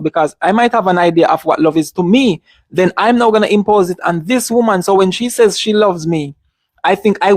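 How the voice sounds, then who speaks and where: A man's voice: high voice, no room sound. A man in casual discussion, speaking emphatically, repeating his points and restarting often.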